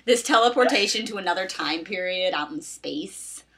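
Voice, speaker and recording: Bright-voiced woman reading fanfic sarcastically. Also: lowish voice, expressive, normal speed, slightly rough. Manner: sarcastic, laughing, swears freely. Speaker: fanfiction reader and commenter. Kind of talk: casual mocking read-aloud.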